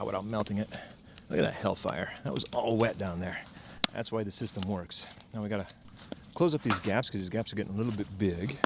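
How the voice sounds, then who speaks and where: A laid-back DIY homestead vlogger with a low voice and vocal fry films a casual tutorial outdoors at a fire pit in a valley, with background noise around him. He has a cold, and he's chatty, profane and self-mocking, cursing freely while explaining what he's doing as he works.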